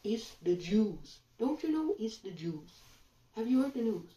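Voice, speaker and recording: A woman commentator delivering a sarcastic monologue full of rhetorical questions and drawn-out pauses. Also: fairly high pitch, very animated, mellow, far from the mic. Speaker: online commentator. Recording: roomy echo, voice away from mic.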